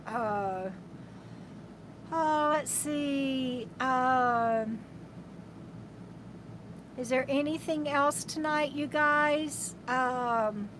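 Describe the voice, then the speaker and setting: A high-pitched woman with a drawl chats on a live stream from her RV. She reads viewer comments aloud and rambles affectionately, often restarting her sentences. A faint hum of ambient noise sits behind her voice. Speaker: RV travel vlogger, host of a live stream. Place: inside her RV.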